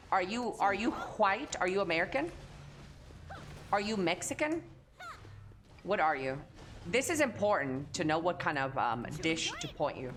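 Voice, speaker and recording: A woman's voice: lowish voice, a bit bright. A young woman streamer chatting casually and crudely with her chat, teasing and joking. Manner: profane, teasing, talks to chat.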